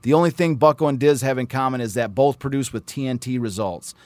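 A man's voice: mid-range voice, quick pace, darkish tone, no room sound. A man hosting a casual talk, telling sports history stories with animation and reading old articles aloud. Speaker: podcast host and filmmaker. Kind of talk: casual chat.

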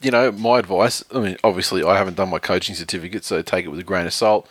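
Male podcast co-host, low voice, dry close mic, laughs and swears casually. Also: fairly even intonation, quick pace, a bit bright, breathy edge, no echo. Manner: laughs often, reads tweets aloud, swears casually. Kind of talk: casual sports podcast chat.

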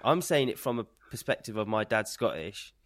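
Low-voiced man pressing questions, dry sound. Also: expressive, moderate pace, fairly bright tone, no room sound. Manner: challenging, probing with questions. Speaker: podcast co-host. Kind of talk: casual sports podcast debate.

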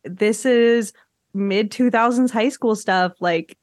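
A woman's voice: on the high side, slow pace, darkish tone, no echo. Woman podcast host from Canada, chatty, laughs a lot, dry close mic. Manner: chatty, laughs often, many "like" fillers. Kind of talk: casual chat.

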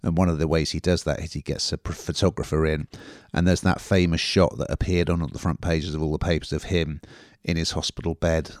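A man with a very low voice hosts a casual podcast chat, rambling a bit as he reviews a TV drama. The sound is dry and close, with no room around it. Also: level tone, a little fast, hardly any pauses, no room sound. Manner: chatty, rambling with fillers.

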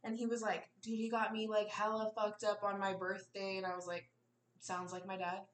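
A woman's voice: mid-range voice, monotone, normal speed, reverberant, distant mic. A young adult woman telling candid, profane stories in casual chat, often laughing. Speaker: podcast co-host.

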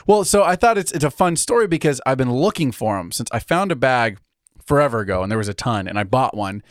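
A man's voice: mid-range voice, animated, fast, no room sound, studio quality. A man in his thirties co-hosting a podcast in casual chat, rambling with frequent laughs and trailing off mid-sentence. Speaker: podcast co-host.

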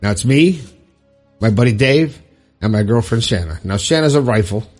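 A middle-aged man from Florida tells a personal story on a podcast, sincere and a little halting, often pausing and restarting. His voice sits at an ordinary pitch for a man. Faint music plays softly under him. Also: animated. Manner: heartfelt, halting, with restarts and pauses. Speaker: podcast host.

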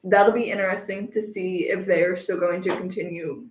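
A young woman co-hosting a podcast in casual chat, making playful quick asides, recorded in a small room. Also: on the low side, steady tone. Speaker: podcast co-host. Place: small room in a school library. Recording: echoey small room, faint background noise.

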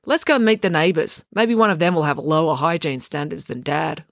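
A woman's voice: sits low, moderate pace, dry recording, clean studio sound. A woman voicing a feisty, blunt young girl who argues back. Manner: blunt, argumentative.

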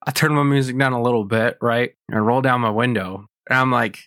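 A young man hosting a podcast, telling a story and ranting casually in a blunt, profane, animated way. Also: mid-range voice, a little fast, hardly any pauses, dry recording, clean studio sound. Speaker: podcast host.

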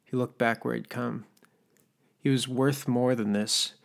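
A male audiobook narrator with a gravelly, creaky texture. He reads fiction in a steady, measured way. His pitch sits mid-range.

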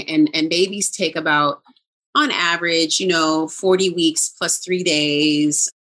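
A middle-aged woman telling a personal story in casual conversation, animated and acting out quoted lines, with frequent laughs. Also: deep voice.

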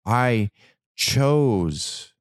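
A man giving a reflective motivational talk about anger and change, slow and emphatic, repeating words and now and then swearing. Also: medium pitch, lively intonation, clean tone, no room sound, studio quality. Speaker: self-help speaker.

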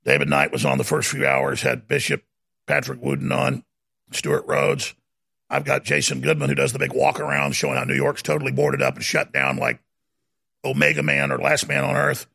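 A man hosting a talk radio show, ranting fiercely and stammering as he swings from shouting to low muttering. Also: lively intonation, moderate pace, gravelly. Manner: fiery, stammering restarts.

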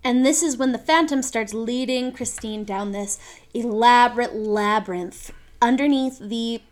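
Woman, higher voice, casual podcast chat, enthusiastic, acts out quotes. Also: unhurried. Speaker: podcast co-host. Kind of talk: casual chat retelling a musical's plot.

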